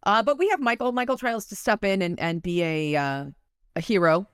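Co-hosting a podcast, a woman talks casually and animatedly about a book, reading passages aloud. Her mid-range voice is clear and resonant at a normal speed, captured in a dry, clean studio recording.

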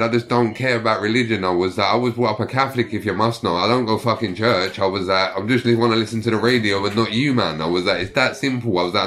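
A young man telling prison stories in casual slang, swearing and acting out the people he quotes. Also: on the low side. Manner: profane, animated, acts out quoted voices. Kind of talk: casual storytelling.

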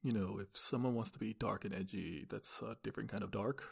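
A man's voice: on the low side, steady tone, brisk, creaky, a little mellow, husky. A man co-hosting a casual podcast, teasing his co-host with dry humor.

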